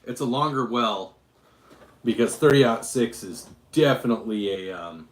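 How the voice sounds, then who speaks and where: A man's voice: mid-range voice, expressive, a little slow, echoey room. A man from Utah hosting a casual livestream Q&A, rambling, correcting himself mid-sentence and joking with chat. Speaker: streamer host.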